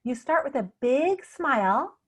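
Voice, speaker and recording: A woman leading a speech exercise lesson, demonstrating drills slowly and clearly and encouraging the listener. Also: high-pitched, big pitch swings. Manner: slow, clear, encouraging demonstration with drawn-out practice words. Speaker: speech therapy instructor.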